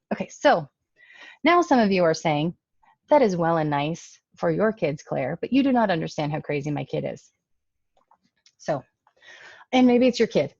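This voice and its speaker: Gravelly-voiced woman giving a casual talk. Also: on the low side, a little mellow, no echo, lo-fi sound. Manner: conversational, emphatic. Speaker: presenter speaking to parents. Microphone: computer mic.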